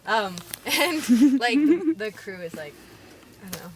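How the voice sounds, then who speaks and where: In a casual interview, a young Canadian-accented woman who makes music rambles on, saying "like" constantly. She speaks slowly in a sing-song, slightly high voice.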